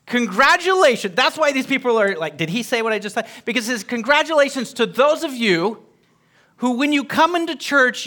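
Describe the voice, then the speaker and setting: Bright, high-voiced man teaching scripture. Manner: emphatic, asks the group questions. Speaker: Bible teacher. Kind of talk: teaching Bible study.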